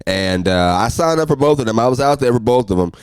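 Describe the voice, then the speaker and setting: Young guy on his solo pod, venting, voice jumps way up when he's heated, mid pitch, super dry mic. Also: fast, clear, resonant tone, dry recording. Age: young adult. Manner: animated ranting, swings high and loud when worked up. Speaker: podcast host. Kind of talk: solo podcast storytelling.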